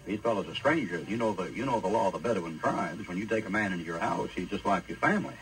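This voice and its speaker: A preacher doing Lot as a folksy old host. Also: male voice, low-pitched, expressive, fast talker, rough recording. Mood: pleading. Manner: drawling, neighborly, stammering.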